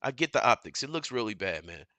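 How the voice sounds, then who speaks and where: A man in a fired-up, profane fan rant on his live stream, repeating himself and getting louder as he goes. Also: on the low side, sing-song, quick pace, no room sound. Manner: heated, profane, repeats himself, builds to shouting. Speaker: sports commentator streamer. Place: home living room.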